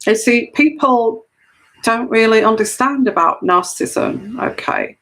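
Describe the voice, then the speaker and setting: Slow, earnest woman explaining at length. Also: fairly high pitch, a bit bright, poor audio. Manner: earnest and explanatory, repeats her phrases for emphasis. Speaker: intuitive tarot reader. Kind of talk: solo camera monologue of personal commentary.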